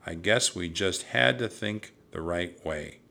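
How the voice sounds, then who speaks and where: A man's voice: sits low, measured pace, vocal fry, sharp tone, heavily acted. A man doing an earnest, cautious young boy. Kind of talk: storybook read-aloud.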